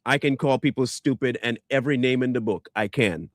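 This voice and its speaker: A man's voice: mid-range voice, brisk, dry recording. A man ranting back at viewer comments in a combative, sarcastic, insulting way. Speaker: online commentator.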